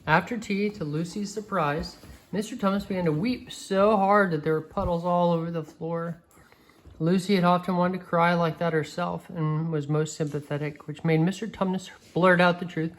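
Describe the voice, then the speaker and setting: A woman with a low voice reads a picture book aloud to a child. Her reading is gentle and expressive, and she stumbles and restarts now and then. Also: moderate pace, low-quality recording. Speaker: reader.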